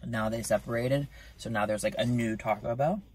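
A young man talking casually into his phone camera in a vlog, chatty and self-mocking, with his voice jumping up in pitch. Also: moderate pace. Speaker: vlogger. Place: in a car outside a store.

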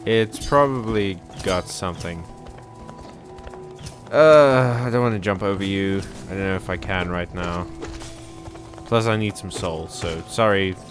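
A man casually commentating a game as he plays, reacting out loud and chatting to his viewers. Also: low-pitched, unhurried, pauses often, over music. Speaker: game streamer. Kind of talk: casual let's-play commentary.

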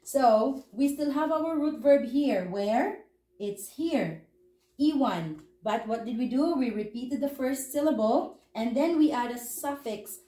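A woman's voice: high-pitched, mellow, roomy sound, low-quality recording. A woman teaching a grammar lesson, patiently breaking words down and repeating them. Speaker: language teacher. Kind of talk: slow, explanatory grammar lesson.

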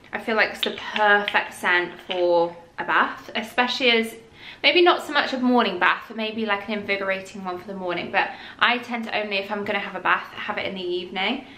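A woman's voice: medium pitch, pushed and bright. Chatty girl doing a haul vlog, roomy echo, faint hiss. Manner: chatty, drops to a whisper at times. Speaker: vlogger. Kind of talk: casual haul vlog chat. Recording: echoey room with faint noise.

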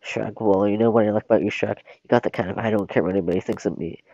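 A man voicing a chatty, excitable male talking donkey who rambles on, in dull lo-fi stream audio. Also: lowish voice, very fast, no room sound. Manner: rambling and eager, talking nonstop.

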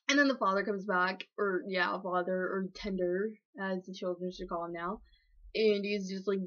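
A woman's voice: medium pitch, a little fast, fairly bright tone, muffled recording. Rambling woman improvising a silly story. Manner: rambling, filler-heavy, swearing, self-correcting. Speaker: vlogger telling a made-up story.

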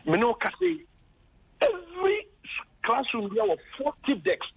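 A man's voice: very high-pitched, big pitch swings, measured pace, no room sound, dull audio. A Ghanaian man, a former district chief executive, calls in to a radio program and complains at length, impassioned and indignant as he retells his arguments.

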